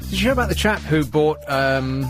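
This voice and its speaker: A man hosting a late-night radio show, chatting and joking as he rambles through the stories. His pitch moves around a lot, lively and animated. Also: a little fast, over music. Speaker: radio host. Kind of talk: casual radio chat.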